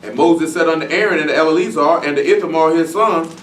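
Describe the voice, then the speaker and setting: A man preaching a Bible-study sermon in a casual, blunt way, full of slang and rhetorical questions, and slowing down to stress the scripture he reads. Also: a little high, a bit bright. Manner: slow, stressed reading of scripture. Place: congregation meeting room. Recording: echoey room from a distant mic.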